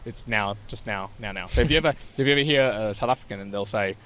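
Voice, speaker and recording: A man's voice: fairly low pitch, a bit bright. A man co-hosting a podcast, telling stories and joking with his friend in casual chat. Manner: chatty storyteller, quick to tease back. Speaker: podcast co-host.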